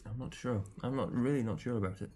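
A man's voice: mid-range voice, fast talker, warm tone. A man co-hosting a casual beer-tasting chat, teasing and joking with his friends. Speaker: podcast co-host.

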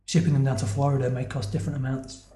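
A man's voice: medium pitch, flat delivery, fast, warm tone. A man hosting a casual beer-tasting podcast chat, talking in a chatty way. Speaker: podcast host. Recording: echoey room.

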